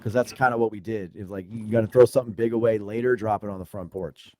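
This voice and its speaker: A man guesting on a podcast, telling a story in casual, profane slang and getting animated when he retells exchanges. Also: lowish voice, fast. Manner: profane, slangy, says dude and bro a lot.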